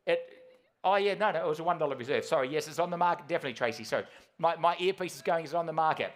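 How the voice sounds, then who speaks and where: A man with a New Zealand accent calling bids at a live auction, rattling off amounts in a quick patter with quips for the floor. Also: on the high side. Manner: rapid patter with quips, chanting bid amounts.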